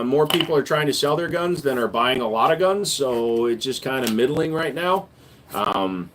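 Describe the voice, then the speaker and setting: A man talking casually to his livestream chat, a mid-pitched everyday voice. He answers questions in a laid-back, joking way, with bursts of louder hype when he calls on viewers. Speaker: livestream host and gun store owner.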